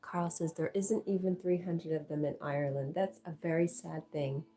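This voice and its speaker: Woman stream host, lowish warm voice, casual chat-reading and dog talk. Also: fairly even intonation, normal speed, faint music behind, low-quality recording. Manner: reads viewer comments aloud and chats with her dog. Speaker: livestream host.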